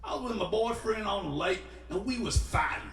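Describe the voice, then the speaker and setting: A man voicing a tearful, fed-up young woman who shouts her complaints in rough, rural grammar. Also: high-pitched, brisk, pitched above the performer's own voice. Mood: fed up, shouting. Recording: roomy studio, mic at a distance.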